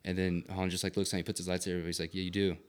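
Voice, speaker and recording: A young man chatting casually, excitable and slangy, swearing often. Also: sits low, very fast. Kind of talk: casual chat.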